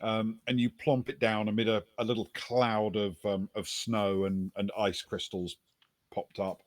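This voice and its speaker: Running a tabletop RPG, this man describes the scene casually, dropping fillers and the odd laugh. He speaks on the low side at a measured pace, with no room sound in the recording.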